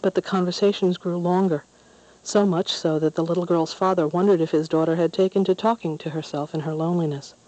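Low, mellow woman storyteller. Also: steady tone, brisk, highs cut off. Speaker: narrator. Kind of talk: storybook reading.

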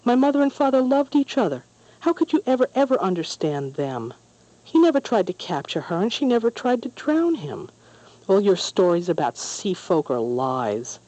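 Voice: medium pitch, very animated, normal speed, dark tone, close to an everyday voice, low-quality recording. A storyteller voicing a lonely young merchild boy who pleads and stammers, from a storybook. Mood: hurt.

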